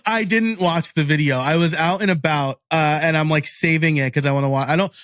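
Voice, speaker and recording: Co-host, man, New York accent, high voice, dry close sound, chatty and playful. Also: brisk, a bit bright, dry recording. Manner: chatty, laughs often, wondering aloud. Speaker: podcast co-host. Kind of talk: casual tech news chat.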